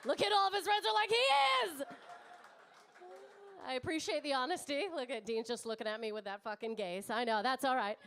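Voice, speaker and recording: A woman's voice: fairly high pitch, fast talker, hardly any pauses, fairly bright tone, a little hiss or hum. A woman in her thirties doing a brash, swearing stand-up comedy set on a club stage, chatting with the crowd. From Canada.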